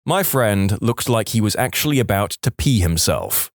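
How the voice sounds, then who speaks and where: Lively, matter-of-fact male story narrator. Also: fairly low pitch, normal speed, hardly any pauses, dry recording, studio quality. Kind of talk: scripted narration of reader stories.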